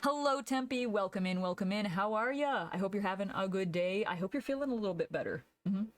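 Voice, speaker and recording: A woman's voice: mid-range voice, lively intonation, a little fast. Chatty young woman streaming while drawing. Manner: chatty, laughs often, answers chat aloud. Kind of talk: casual live-stream chat while drawing.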